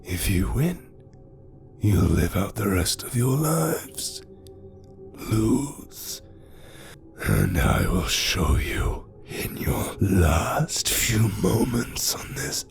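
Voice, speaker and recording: A man voicing an ancient, sinister male spirit that speaks through corpses, in a slow, menacing whisper over faint music. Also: fairly low pitch, creaky, pitched above the performer's own voice, full character voice.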